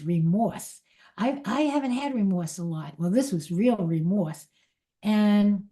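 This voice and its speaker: A middle-aged woman gives a spiritual talk to her community, telling a personal story with frank, confessional honesty. She speaks at an everyday middle pitch, stops and restarts her sentences, and often laughs at herself as she goes. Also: warm tone. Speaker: spiritual teacher.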